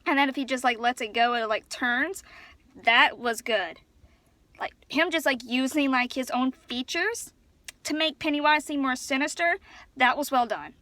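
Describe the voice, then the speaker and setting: Chatty woman vlogger, bright and sharp-toned, rambling excitedly into a phone. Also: high voice, normal speed, dry recording. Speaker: vlogger reviewing a film. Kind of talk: casual chat. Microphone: phone camera.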